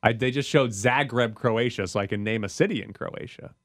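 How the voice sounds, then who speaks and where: A man hosting a casual sports talk show, animated and quick to laugh. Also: medium pitch.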